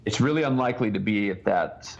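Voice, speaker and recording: Gravelly, husky man telling a long story. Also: lowish voice, lively intonation, dull audio. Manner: halting storytelling with many restarts. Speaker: ultrarunner guest. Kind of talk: casual podcast interview.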